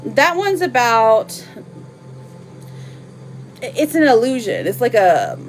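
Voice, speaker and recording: A woman reading tarot cards on a live stream, chatting casually and warmly with lots of fillers and slang. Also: a little high, very animated, takes it slowly, faint music behind.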